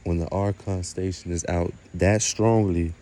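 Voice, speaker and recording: A man vlogging outdoors at night in the wind, talking quietly and mellow in a preachy way and swearing often. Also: deep voice, steady tone, measured pace. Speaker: spiritual vlogger. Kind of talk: casual outdoor vlog.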